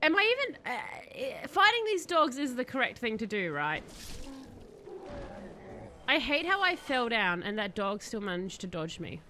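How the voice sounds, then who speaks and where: Excitable high bright-voiced woman streamer. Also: moderate pace, slight background noise. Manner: chatty, excitable, reads chat aloud. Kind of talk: live-stream gameplay chat.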